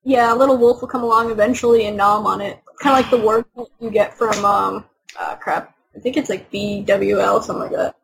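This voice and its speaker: A woman co-hosting a casual gaming podcast, chatting in a relaxed way and laughing along. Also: medium pitch, a little fast, gravelly, breathy edge, rough recording. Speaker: podcast co-host. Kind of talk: casual chat.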